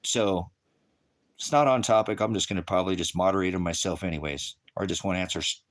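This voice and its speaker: A low, fairly quick male voice: an American preacher on a livestream who answers his chat with confrontation and insults. He swears, repeats himself, and rambles on.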